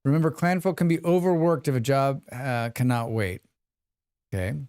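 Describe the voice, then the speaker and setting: A man's voice: mid-range voice, normal speed, darkish tone, smooth. An American man chatting casually to his live chat while playing a game, rambling through asides and reading tutorial text aloud. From United States. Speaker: streamer. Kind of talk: casual live gameplay commentary.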